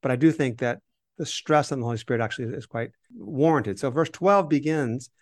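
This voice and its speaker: A man's voice: medium pitch, fairly quick. A man co-hosting a Bible podcast, explaining scripture in conversation and reading verses with emphasis.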